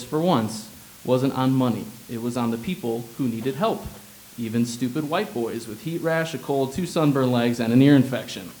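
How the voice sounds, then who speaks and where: A man's voice: medium pitch, darkish tone, low-quality recording. A young man from Illinois reads his humorous personal essay aloud. His delivery is wry and sardonic, with dry asides. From Illinois, USA. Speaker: writer reading his essay.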